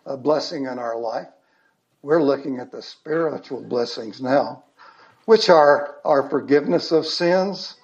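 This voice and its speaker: A man preaching a sermon as pastor, slow and earnest with emphatic stresses. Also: on the high side, darkish tone, muffled recording.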